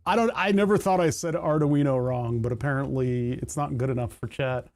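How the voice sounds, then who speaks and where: A man's voice: medium pitch, fairly quick. A young man from the United States, chatting casually on a live stream, rambling through jokey rants and laughing often.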